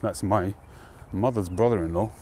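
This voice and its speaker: A man hosting a live stream outdoors, chatting to viewers in a relaxed, rambling way and greeting them by name. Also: sits low, normal speed, a little hiss or hum. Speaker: pipe-smoking livestream host. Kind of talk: casual live-stream chat.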